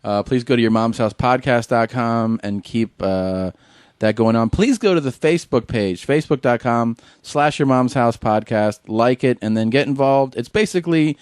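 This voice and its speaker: A man's voice: medium pitch, moderate pace, clean tone, dry recording, studio quality. A man co-hosting a podcast, joking crudely and swearing in casual banter. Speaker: podcast co-host. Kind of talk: casual chat.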